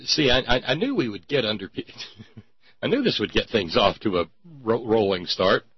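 A man hosting talk radio, giving mocking, sarcastic commentary and breaking into sudden high-pitched exclamations. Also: sing-song, moderate pace, breathy edge, dry recording, highs cut off. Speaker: radio host.

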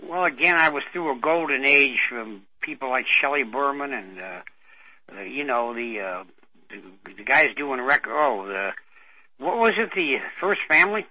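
A man's voice: mid-range voice, lively intonation, moderate pace, no echo. An older man co-hosting a radio show, reminiscing in a rambling way with many fillers. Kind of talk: casual radio chat. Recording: dull dry radio audio.

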